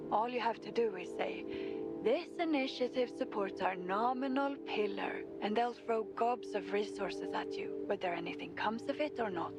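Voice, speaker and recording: An actress voicing Mel, a dry, cynical female colleague in a video game, speaking with a wry, deadpan delivery. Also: medium pitch, normal speed, close to an everyday voice. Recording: game dialogue with music under it. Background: game music.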